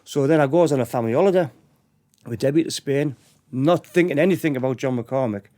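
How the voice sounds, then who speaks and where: A middle-aged man with a dark, medium-pitched voice talks fast as a podcast guest sharing true-crime stories. He wanders off track, repeats words, and voices the dialogue he's quoting.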